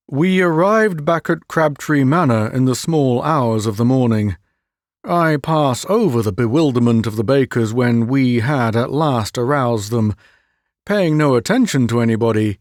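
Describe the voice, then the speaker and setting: A man narrating a classic detective story as an audiobook reader, measured and unhurried. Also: medium pitch, dry recording, clean studio sound. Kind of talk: scripted narration.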